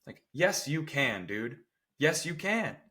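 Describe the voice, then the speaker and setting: A man's voice: on the high side, very animated, slow pace, bright, forceful tone. A man who works as a strength coach, talking casually on a podcast, emphatic and often checking in with "right?". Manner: acts out people's quotes with playful voices.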